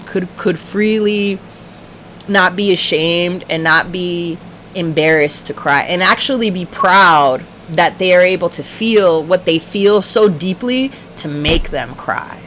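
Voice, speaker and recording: A woman's voice: fairly low pitch, a bit bright, a little hiss or hum, low-quality recording. A young woman hosting a casual livestream chat, talking passionately with lots of swearing and frequent laughs. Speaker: livestream host.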